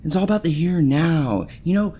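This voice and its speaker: A man's voice: on the high side, expressive, a little fast, mellow. A man co-hosting a true-crime podcast, chatty and jokey, full of "like". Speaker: podcast co-host. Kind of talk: casual true-crime chat.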